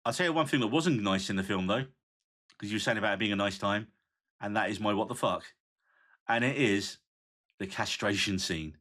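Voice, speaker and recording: A man's voice: on the low side, a little fast, long pauses, fairly bright tone. A man co-hosting a film podcast, chatting casually with dry, teasing banter. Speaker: podcast co-host. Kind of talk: casual film review chat.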